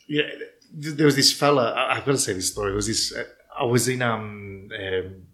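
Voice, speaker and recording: A middle-aged man with an Australian accent hosting a casual interview, telling lively stories, laughing often and acting out what others said. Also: on the low side, fairly quick. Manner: animated storyteller, laughs often, acts out quoted voices. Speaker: podcast host.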